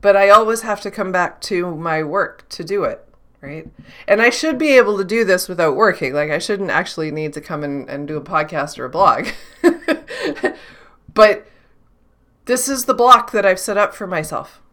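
A woman's voice: lowish voice, lively intonation, normal speed, fairly bright tone. A woman who works as an intuitive channeler, thinking aloud in a reflective solo talk, questioning herself and restarting her sentences often.

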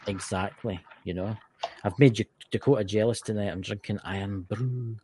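A man's voice: lowish voice, normal speed, warm tone, slight background noise. A Scottish man co-hosting a podcast, chatting casually in a rambling, joking way. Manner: rambling, swearing, banter. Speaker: podcast co-host. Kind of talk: casual chat.

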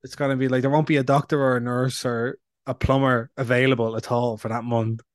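A man co-hosting a casual podcast, telling stories with frequent filler pauses. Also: mid-range voice, flat delivery, no echo, clean studio sound. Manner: chatty, storytelling with filler pauses. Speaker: podcast co-host. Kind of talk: casual chat.

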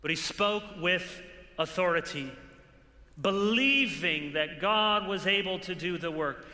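A man delivers an exhorting sermon at a conference, earnest and slipping in dry humor. His voice is bright and sharp-edged. The sound rings with a long hall reverb. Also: sits high, expressive, takes it slowly. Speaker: preacher. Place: large hall with an audience.

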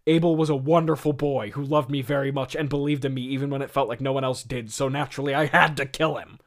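A man voicing a remorseless young killer in a matter-of-fact, deadpan way. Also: mid-range voice, quick pace, natural voice.

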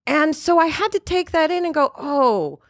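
This podcast host, a woman in her 50s, has a high-pitched voice with lively intonation and speaks at normal speed. It's recorded dry, with studio quality. She chats candidly and energetically, cursing often.

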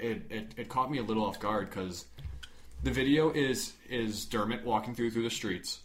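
A man's voice: on the low side, a bit bright. A young man co-hosting a podcast, chatting casually and rambling with frequent restarts. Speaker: podcast co-host. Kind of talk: casual chat.

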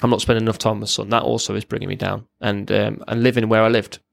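A man's voice: lowish voice, flat delivery, fast, gravelly, no room sound. A man, a military veteran, giving a raw, blunt personal account as a podcast guest, swearing freely and often restarting his sentences.

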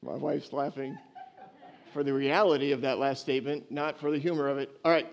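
Pastor, male, high voice, lively conversational sermon with jokes. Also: normal speed, long pauses, a little hiss or hum. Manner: lively, conversational preaching with playful asides.

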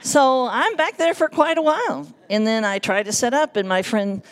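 A nervous woman giving a personal testimony to a congregation, animated and self-deprecating, acting out the voices in her story. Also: a little high, moderate pace. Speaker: church speaker giving testimony.

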